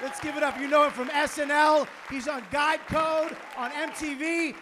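A man hosting a comedy show, shouting a hype introduction to the crowd. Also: very high voice, flat delivery, normal speed, noisy background. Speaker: host. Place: comedy club stage. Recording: live club, loud crowd, from off mic.

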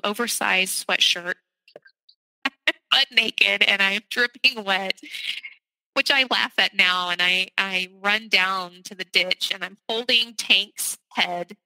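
A woman's voice: mid-range voice, sharp tone, no echo, rough recording. A middle-aged woman from the South, a podcast guest candidly and urgently recounting a personal story. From American South.

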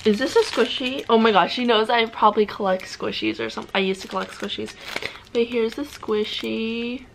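A young woman vlogging as she unboxes gifts, gushing and excitable, full of "oh my god" and "like". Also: on the high side, a little fast. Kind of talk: casual unboxing vlog. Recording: clear background noise.

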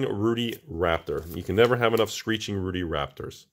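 A man hosting a casual vlog, joking and getting excited as he opens card packs, calling his viewers folks. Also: deep voice, fairly quick, creaky, few pauses. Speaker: channel host opening card packs.

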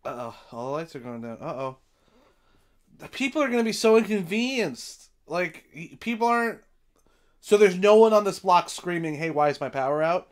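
A young man hosting a live stream from home, chatting casually as he reacts to a film, excitable and profane, now and then breaking into shouts. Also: high-pitched, moderate pace. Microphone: desk mic with headphones.

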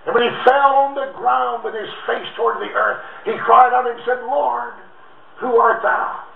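A man's voice: very high voice, fairly even intonation, normal speed, creaky. A man preaching a fiery revival sermon as an evangelist, with rhythmic, alliterative phrasing that swells and drops. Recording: tinny, echoey, distant old recording.

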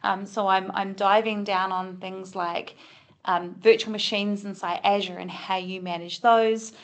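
A woman's voice: medium pitch, level tone, a little slow. A middle-aged woman from New Zealand with a slight Kiwi accent, co-hosting an online community call in a chatty way, thinking aloud with small restarts. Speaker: co-host of a community video call. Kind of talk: casual online meeting chat. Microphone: video call.

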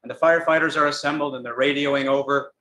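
A man preaching a gospel sermon in a tent meeting, telling a story dramatically with sudden swings from loud to hushed. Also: medium pitch, fairly even intonation, fast talker, reverberant, rough recording.

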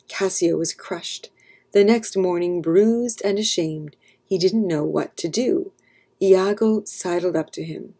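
A woman narrating an abridged classic play as a calm, steady read-aloud story for children. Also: fairly low pitch, slow pace. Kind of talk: scripted narration.

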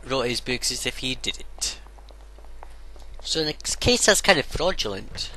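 A man's voice: medium pitch, expressive, unhurried, pushed and bright. A man casually commentating on a video game he plays, rambling and blunt, now and then swearing. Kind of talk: casual let's play commentary.

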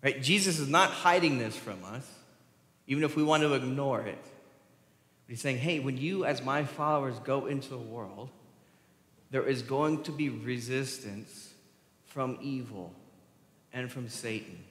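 A man's voice: medium pitch, a little slow. Echoey preaching man in a church hall. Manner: animated, asks the congregation questions. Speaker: pastor. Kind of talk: sermon. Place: church sanctuary.

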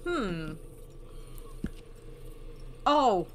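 A young woman YouTuber talks very slowly yet very animatedly in a medium-pitched voice, making chatty, self-mocking remarks as she plays a game. There's background noise, and game sounds and hooves play over her.

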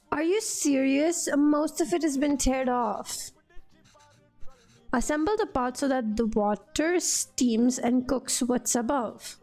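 High-voiced, slow-talking woman gamer. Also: mellow. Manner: exasperated and dramatic, laughing at her own struggles. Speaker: gamer playing through a cooking game. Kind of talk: casual gameplay commentary.

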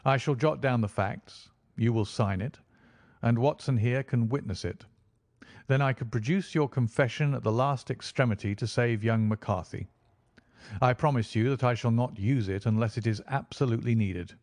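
A man voicing a calm, authoritative detective who speaks in a measured, reassuring way in an audiobook reading. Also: medium pitch, dry recording, natural voice.

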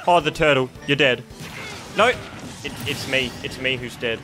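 A young man giving excitable live gameplay commentary, laughing often and shouting at big moments. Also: medium pitch, normal speed, over music. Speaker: gaming YouTuber.

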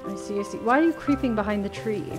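A woman's voice: medium pitch, quick pace. A woman casually commenting on a cozy game, chatty and giggly. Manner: giggly, chatty, animated reactions. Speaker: gaming streamer. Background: game music.

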